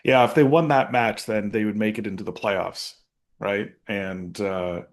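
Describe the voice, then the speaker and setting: A man's voice: lowish voice, steady tone, unhurried. A man co-hosting a golf comedy podcast, talking in a laid-back way and often answering with short agreement. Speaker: podcast co-host. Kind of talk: casual comedic chat.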